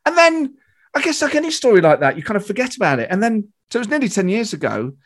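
Man, British comedian, storytelling, high voice, very lively pitch. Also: fast. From Britain. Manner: animated, swings between loud and quiet. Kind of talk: casual storytelling.

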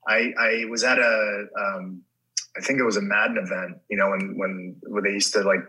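A middle-aged actor as a guest in a casual chat, telling rambling stories full of restarts and swearing. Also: male voice, on the low side, flat delivery, moderate pace, pushed and bright, poor audio.

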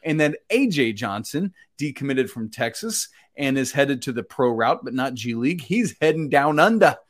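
A man's voice: mid-range voice, lively intonation, normal speed. A man co-hosting a casual sports podcast, chatty and self-deprecating, often laughing at himself. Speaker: podcast co-host.

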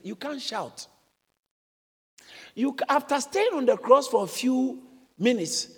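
A male pastor preaching in a church, his voice pitched high and swinging widely as he explains and exclaims. The tone is slightly husky, and a long hall reverb trails each phrase. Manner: animated preaching, bursts into shouts when quoting. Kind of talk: sermon.

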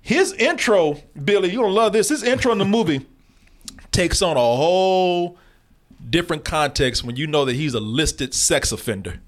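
A man's voice: high voice, moderate pace. A man co-hosting a film podcast, joking and swearing a lot in casual chat. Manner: animated, profane, joking, quoting characters. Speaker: podcast co-host reviewing a film.

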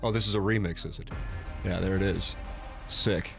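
A man's voice: low-pitched, vocal fry, over music. A man hosting a sports radio show, joking with callers and reading ad spots. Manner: lively and jokey, reading ads briskly. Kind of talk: sports radio talk and live reads.

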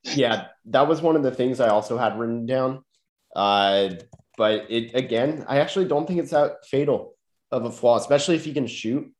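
A man's voice: medium pitch, moderate pace. A podcast host getting over a cold, with a nasal voice, chatting casually about basketball draft prospects and often repeating words as he starts his thoughts. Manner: hesitant, repeats words when starting sentences. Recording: echoey room.

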